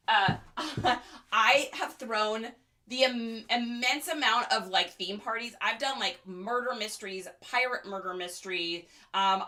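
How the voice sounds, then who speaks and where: A woman's voice: on the high side, background noise. A young woman hosting a casual reseller livestream, chatting in a bubbly way with lots of fillers and laughs.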